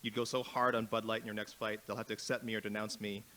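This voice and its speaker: Fast-talking reporter, low voice. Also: male voice, little pitch movement, fairly bright tone, slight background noise. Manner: measured, persistent questioning. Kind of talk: press conference questions.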